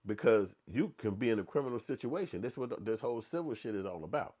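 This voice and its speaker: A man with a lowish voice runs through a blunt opinion rant, heavy with slang and cursing. He talks loosely and keeps slipping into other voices to act out what people said. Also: animated, fast talker, darkish tone, breathy edge. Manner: blunt, profane, slangy, acts out quotes in voices. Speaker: commentator.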